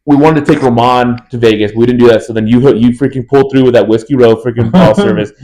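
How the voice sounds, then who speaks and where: A young man in his twenties talks fast and keeps a casual, chatty flow as he co-hosts a podcast. He acts out his friends' lines while he tells stories. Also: medium pitch, low-quality recording. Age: 20s. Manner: animated storyteller acting out friends' lines. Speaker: podcast co-host. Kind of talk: casual chat.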